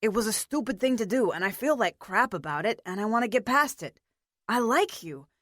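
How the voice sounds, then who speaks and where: A woman's voice: on the high side, expressive, fairly quick, a bit bright, dry recording, studio quality. Harrison, a sheepish young man, voiced by a woman. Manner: earnest, sheepish. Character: awkward young man, apologetic hero.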